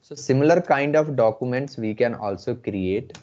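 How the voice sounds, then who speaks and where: A man with an Indian English accent teaching a live online class, slowly repeating his phrases. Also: medium pitch, dark tone. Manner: slow, repeats phrases often. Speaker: instructor. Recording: muffled lo-fi audio.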